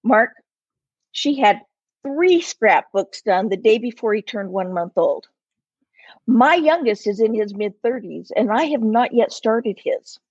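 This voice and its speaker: A woman in her sixties, an interview guest, telling a personal story in an animated way and acting out the voices in it. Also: a little high, unhurried, slightly rough, no echo. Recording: slightly muffled, lo-fi.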